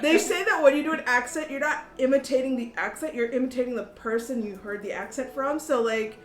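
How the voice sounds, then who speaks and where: A woman's voice: high voice, brisk. A woman co-hosting a podcast, chatting casually with lots of giggles and fillers. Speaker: podcast co-host. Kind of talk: casual chat. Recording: echoey room recording.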